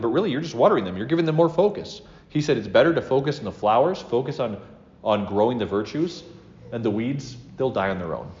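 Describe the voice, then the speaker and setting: In a roomy, dull lo-fi room recording, a man with a medium-pitched, slightly mellow voice teaches a class on spiritual life. His religious talk is earnest and conversational, full of asides and self-corrections.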